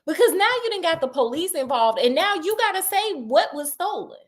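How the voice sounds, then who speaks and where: A woman's voice: very high voice, animated, brisk. A woman retelling a story in a casual, chatty way, with digressions and laughing asides.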